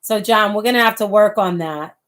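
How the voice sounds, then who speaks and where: A woman's voice: medium pitch, a little fast, fairly bright tone. A middle-aged woman hosting a livestream, talking passionately to viewers and reading their comments. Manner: impassioned, reads viewer comments aloud. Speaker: livestream host. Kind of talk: casual livestream talk.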